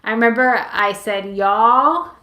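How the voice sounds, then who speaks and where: A woman's voice: mid-range voice, measured pace, fairly bright tone. A woman in her late twenties from Massachusetts, hosting a casual live Q&A from home and rambling through viewer questions with plenty of "like" and "um". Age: 20s. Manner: rambling, with many "like" and "um" fillers. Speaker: channel host answering viewer questions. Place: at home with her pets nearby. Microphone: webcam or phone on a livestream. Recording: echoey room.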